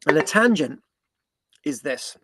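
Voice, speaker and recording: Male history presenter from Britain, slightly high voice, dry close sound, loose rambling lecture delivery with many restarts. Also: sing-song, measured pace, fairly bright tone, no room sound. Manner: rambling, with frequent restarts and tag questions. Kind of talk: live online history talk.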